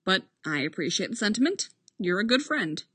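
A woman's voice: mid-range voice, sing-song, a little fast, fairly bright tone, husky, no room sound, exaggerated voice. A woman voicing a flustered, wisecracking young male detective.

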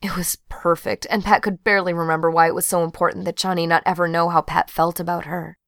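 A woman reading a novel aloud as narrator, even and steady. Her voice sits a bit low. The sound is dry and close to the mic. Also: fast talker, no room sound. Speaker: audiobook narrator. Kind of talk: scripted narration.

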